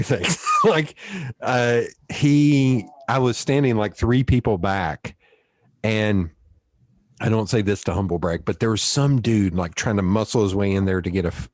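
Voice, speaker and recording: A male podcast host telling stories in a casual chat, animated, laughing often and swearing freely. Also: lowish voice, no room sound, studio quality.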